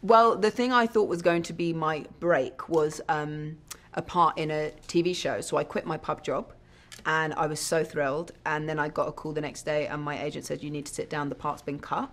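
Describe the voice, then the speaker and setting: An actress giving a casual interview, chatty and candid, with self-deprecating humour. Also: female voice, low-pitched, steady tone, moderate pace, fairly bright tone.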